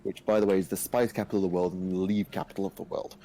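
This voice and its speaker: A man's voice: low-pitched, level tone, rapid-fire, crowd noise. A man chatting casually on a livestream, rambling through anecdotes and swearing offhandedly. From England. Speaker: streamer. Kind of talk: casual group chat on a livestream.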